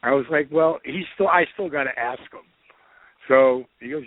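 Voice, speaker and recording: A middle-aged man telling a story in a casual, profane, animated way, acting out the quotes. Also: medium pitch, normal speed, no echo. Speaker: podcast guest. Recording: tinny phone-like line, dry.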